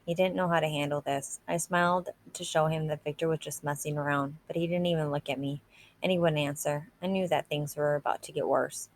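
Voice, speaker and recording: A woman reads a novel aloud in a steady, plain voice. Her pitch sits low. The delivery is unhurried storybook narration. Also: slight background noise. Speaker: reader.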